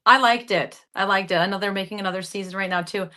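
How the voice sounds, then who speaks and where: Young upper midwest woman, bright voice, laughing a lot, chatty interview guest. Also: medium pitch, fast talker. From Upper Midwest, Michigan. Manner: animated, laughs often, playfully thickens her accent. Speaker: actress guest. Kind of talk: casual interview chat.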